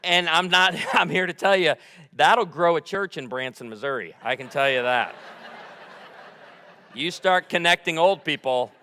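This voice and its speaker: A man preaching a sermon as pastor, animated and fired up, telling humorous stories from a church stage. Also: a little high, unhurried. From United States. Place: large church sanctuary. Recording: long hall reverb.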